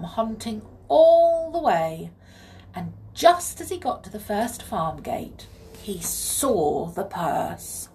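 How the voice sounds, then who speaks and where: Slow, expressive woman reading a children's story. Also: mid-range voice. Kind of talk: children's story read aloud.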